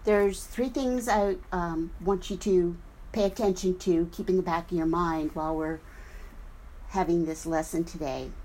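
A woman minister giving a sermon at a spiritual center, explaining things deliberately and spelling out words as she goes. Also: fairly low pitch, steady tone, dark tone, rough recording.

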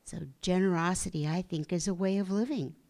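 Gentle woman with a lower voice. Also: fairly quick. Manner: gentle, earnest, with soft whispered emphasis. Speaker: spiritual speaker. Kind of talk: inspirational talk.

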